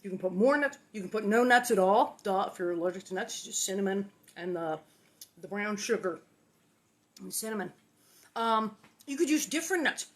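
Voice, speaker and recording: A woman's voice: medium pitch, animated, normal speed. A woman hosting a casual home cooking demo in her kitchen, chatty and playful, exclaiming often. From Los Angeles. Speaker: cooking show host.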